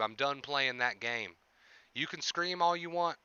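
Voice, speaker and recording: Earnest male anxiety coach, bright dry voice. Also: mid-range voice, measured pace, clear, resonant tone, no room sound, lo-fi sound. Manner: earnest, repetitive, reassuring. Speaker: anxiety coach streaming live. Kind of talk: live-stream coaching talk.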